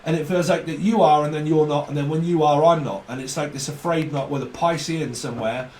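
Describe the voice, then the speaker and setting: A man's voice: a little high, steady tone, a little fast, a little mellow, echoey room, distant mic, a little hiss or hum. A man giving a rambling, profane tarot reading, laughing often as he talks. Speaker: tarot reader.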